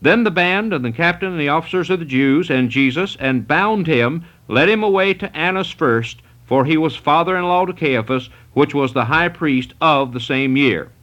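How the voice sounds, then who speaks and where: A man's voice: fairly high pitch, lively intonation, moderate pace, few pauses, a bit bright. A man preaching a sermon, reading scripture and pressing his points with emphatic repetition. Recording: muffled lo-fi recording.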